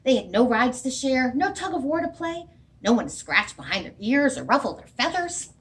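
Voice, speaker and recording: Animated librarian reading to children. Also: female voice, high-pitched, normal speed. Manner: animated, sing-song. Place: library room.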